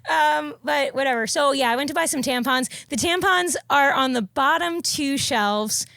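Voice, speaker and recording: A young woman, hosting a podcast and telling a story in casual, profane, animated chat. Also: sits high, moderate pace, vocal fry, no room sound. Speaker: podcast host.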